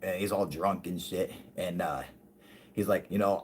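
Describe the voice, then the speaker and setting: A man with a low-pitched, husky voice talks on a livestream in a loose, rambling rant. He swears freely, gets heated, and keeps laughing between points. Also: fairly even intonation, measured pace, darkish tone. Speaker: livestream host. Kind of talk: casual ranting livestream talk.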